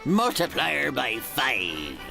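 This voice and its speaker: An actor playing a male bony puzzle character on a children's TV show, posing a number riddle in a gravelly, slow, sing-song voice, with loud music behind. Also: medium pitch, huge pitch swings, full character voice. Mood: teasing.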